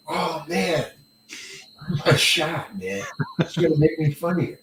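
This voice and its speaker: An older man, a veteran actor, spins animated stories, slipping into other people's voices and cursing freely. His voice sits a little high for a man. The room is echoey, and the mic sits some distance away. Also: a little slow, pauses often. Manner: animated, acts out quoted lines, swears casually. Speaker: actor guest. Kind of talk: storytelling interview.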